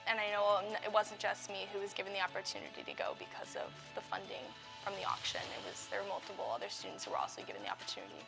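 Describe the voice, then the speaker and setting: Gravelly-voiced teenage girl student. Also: medium pitch, lively intonation, quick pace, over music, rough recording. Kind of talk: interview.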